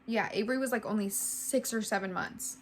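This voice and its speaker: A woman's voice: mid-range voice, fairly quick, slight background noise. A woman in her twenties giving a casual storytime vlog, emotional and full of "like". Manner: heavy use of "like", emotional retelling. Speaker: vlogger.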